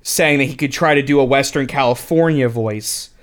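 A man's voice: mid-range voice, moderate pace. A man co-hosting a casual film podcast, rambling with many restarts and retelling what others said. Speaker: podcast co-host. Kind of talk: casual film commentary chat.

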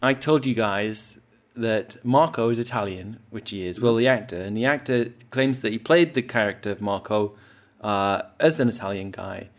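Joking male podcast host. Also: lowish voice. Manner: joking, teasing, quick to laugh. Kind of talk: casual chat.

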